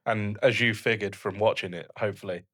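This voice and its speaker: A man's voice: lowish voice, fairly even intonation, fairly quick, fairly bright tone. A man co-hosting a casual podcast, joking and rambling with mild swearing, on a studio microphone. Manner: jokey, sweary, rambling banter. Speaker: podcast co-host. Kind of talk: casual chat. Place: home podcast setup, indoors. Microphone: studio microphone on a stand.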